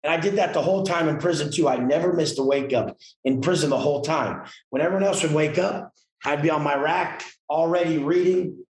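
A man's voice: fairly high pitch, a little fast, reverberant, rough recording. A man telling his story as a podcast guest, emphatic, blunt and full of profanity. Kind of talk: casual interview storytelling.

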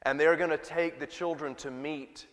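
A man's voice: fairly high pitch, fairly even intonation, moderate pace, a bit bright. A male pastor giving a sermon in a conversational preaching style, with rhetorical questions to the congregation. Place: church sanctuary. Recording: long church reverb.

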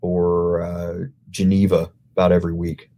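A man's voice: sits low, monotone, moderate pace, mellow. A middle-aged man chatting casually as a podcast guest, rambling through stories and laughing easily. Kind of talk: casual chat.

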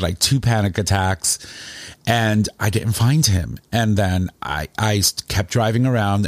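Low, dry-voiced man telling a story. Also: no room sound. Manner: animated, rambling, emotional storyteller. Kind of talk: casual storytelling chat.

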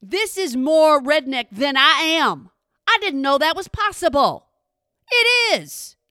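A woman's voice: high voice, sing-song, slow pace, bright, forceful tone, no echo, studio quality. A woman from Texas with a Texan accent, telling a chatty story and asking again and again if you hear her. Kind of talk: storytelling monologue.

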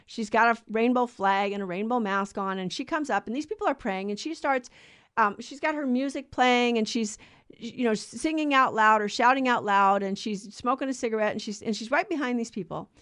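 A co-host of a Catholic talk show teaches about faith conversationally, earnestly telling stories and acting out the voices she quotes. Her voice sits a little high, a bit bright and a little fast. The recording is dry and close, with no room sound.

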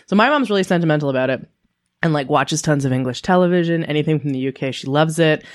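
A woman's voice: low voice, expressive, fast talker. A woman co-hosting a podcast, telling family stories in a rambling, casual way with lots of "like". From Canada. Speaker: podcast co-host. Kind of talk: casual chat.

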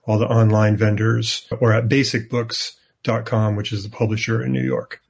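Male author guest, measured explainer, husky flat voice. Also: on the low side. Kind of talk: interview answers.

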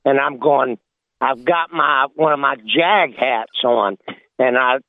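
A man's voice: medium pitch, no echo. Storytelling man on a tinny phone line. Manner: relaxed storyteller, slow and drawn out. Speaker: radio show regular. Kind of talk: joke telling on talk radio.

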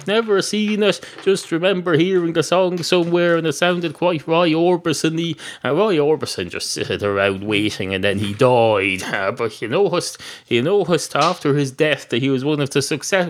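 An Irish man hosting a podcast, telling absurd stories in a digressive, deadpan comic monologue. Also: medium pitch. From Ireland. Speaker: podcast host.

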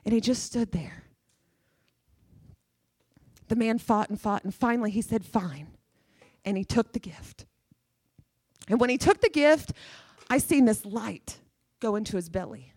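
A woman's voice: a little high, measured pace, pauses often, a little mellow, dry recording, clean studio sound. A middle-aged woman preaching a sermon with fervor, emphatic and repeating phrases for effect.

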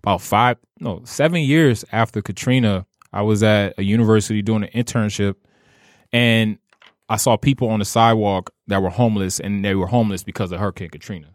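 Low-voiced man from New Orleans. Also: a little fast, no room sound, studio quality. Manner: animated and heartfelt, laughs easily. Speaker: podcast guest. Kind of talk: casual conversation.

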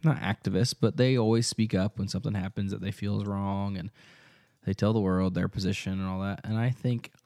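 This podcast co-host from the American Midwest chats casually, wandering off topic and hesitating often with lots of ums. He speaks briskly in a lowish, slightly mellow voice with fairly even intonation. The sound is studio quality, with no room sound.

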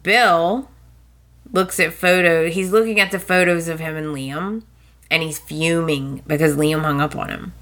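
A chatty woman podcast host walks through soap opera episodes. Her voice sits a little low but sounds bright and forceful, and she talks at an unhurried pace. She laughs often and slips into quick voices for the characters. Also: steady tone. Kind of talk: casual chat recap.

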